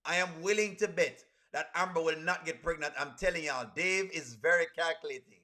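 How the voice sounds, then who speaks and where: A man, reacting live to a video for his stream chat, animated and repeating his exclamations again and again. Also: on the high side, brisk.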